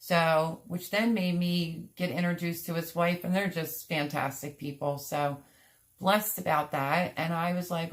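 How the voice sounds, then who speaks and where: A woman's voice: lowish voice, fairly even intonation, unhurried. A middle-aged woman hosting a gardening livestream, chatting casually and rambling, sounding tired out. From Pennsylvania. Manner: rambling, chatty, many fillers and restarts. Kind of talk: casual live-stream chat reading comments.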